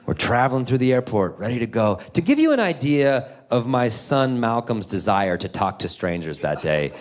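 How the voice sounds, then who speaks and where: A man in his thirties performing stand-up comedy on a club stage, animated and jumping into shouted high voices for the people in his stories. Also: moderate pace.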